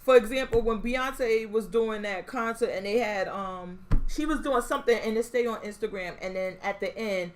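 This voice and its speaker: A young adult woman co-hosting a podcast in casual chat, animated, laughing often and acting out quotes. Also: medium pitch, moderate pace, few pauses, a little hiss or hum. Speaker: podcast co-host.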